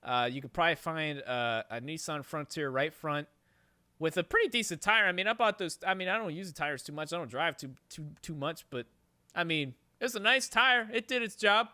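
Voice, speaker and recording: A podcast host with a higher voice tells a long story at a slightly fast clip, swearing constantly and wandering into rambling asides. His storytelling is animated and profane, and the audio is dry and studio quality.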